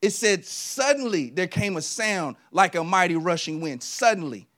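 A middle-aged American man preaching a lively sermon, telling personal stories and swinging between loud punches and quiet asides. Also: high voice, moderate pace. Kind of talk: energetic sermon.

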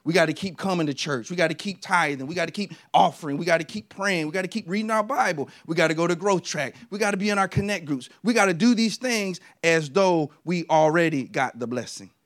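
A middle-aged American man preaching a lively sermon, telling personal stories and swinging between loud punches and quiet asides. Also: on the high side, fairly quick, hardly any pauses. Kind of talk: energetic sermon.

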